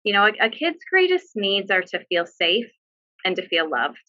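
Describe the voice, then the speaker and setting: A woman's voice: medium pitch, big pitch swings, moderate pace, bright, forceful tone, muffled recording. A woman working as a bereavement social worker, giving earnest, direct advice with frequent fillers on a video call. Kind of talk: webinar discussion, giving advice.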